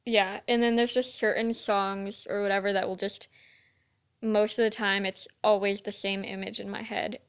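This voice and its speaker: A woman's voice: mid-range voice, little pitch movement, normal speed, smooth. A young woman co-hosting a podcast, talking in casual chat with lots of "like" fillers. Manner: chatty, full of "like" fillers. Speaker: podcast co-host.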